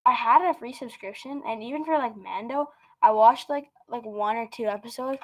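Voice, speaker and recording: Woman, podcast co-host, casual chat, eager, filler-heavy, slightly higher voice. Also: normal speed, low-quality recording. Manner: eager, every phrase padded with "like".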